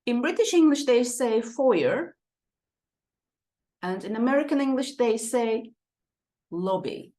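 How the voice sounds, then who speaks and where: A woman's voice: a little high, lively intonation, slow, pauses often, mellow. A woman teaching an English lesson, drawing out and repeating words for her students. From Turkey. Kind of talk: online lesson walkthrough.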